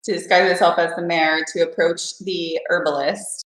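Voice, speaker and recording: A woman's voice: on the low side, steady tone, moderate pace. Giggly woman player in an echoey room. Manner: giggly, hesitant. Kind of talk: casual game table chat.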